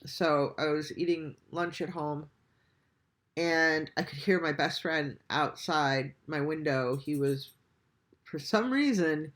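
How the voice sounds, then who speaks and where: Man, reaction channel host, casual storytelling, animated, swears, laughs often. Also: a little high.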